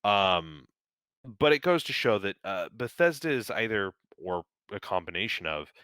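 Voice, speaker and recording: Podcast co-host, male, deep voice, loose rambling delivery, dry close recording. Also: big pitch swings, unhurried, pushed and bright, clean tone, dry recording. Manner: rambling, many fillers and restarts, swears casually. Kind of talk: casual chat.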